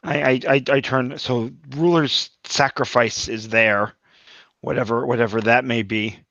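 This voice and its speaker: A man playing a tabletop role-playing game, talking in halting bursts with many restarts. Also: medium pitch, steady tone, a bit bright, no echo, lo-fi sound. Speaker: player.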